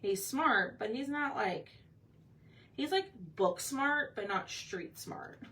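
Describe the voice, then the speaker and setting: Her voice sits high and expressive, fairly bright, and she takes a slow pace. As a woman running a laid-back live painting session, she thinks out loud, chats, and asks viewers for input, captured by a somewhat distant mic with faint background noise.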